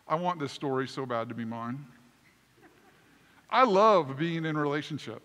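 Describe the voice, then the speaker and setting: A male pastor delivers his sermon in a high, bright voice that carries long reverb through the church sanctuary. He tells his story with animated energy and pokes fun at himself. The delivery is warm-hearted storytelling from the pulpit. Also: moderate pace, long pauses. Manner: animated, self-deprecating storyteller.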